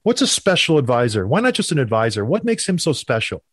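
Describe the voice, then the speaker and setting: Animated teasing man, dry close sound. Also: mid-range voice, quick pace, slightly rough, dry recording. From Canada. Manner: animated, teasing, mock-outraged. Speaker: podcast co-host. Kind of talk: casual sports chat.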